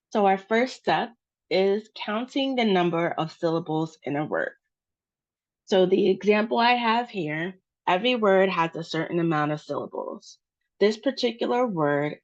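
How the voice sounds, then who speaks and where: A woman with an American accent teaching English pronunciation, patient and careful, spelling out example words slowly. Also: fairly low pitch, lo-fi sound. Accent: General American.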